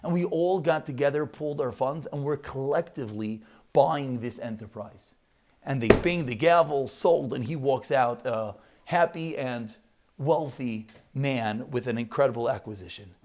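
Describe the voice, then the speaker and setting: A man's voice: medium pitch, moderate pace, darkish tone. A man giving a Torah talk to a live audience, telling stories animatedly and posing rhetorical questions.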